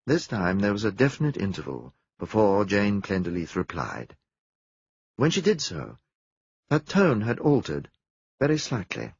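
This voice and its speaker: Gravelly, husky male audiobook narrator. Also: on the low side, unhurried, lo-fi sound. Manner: steady storytelling read. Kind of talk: scripted narration.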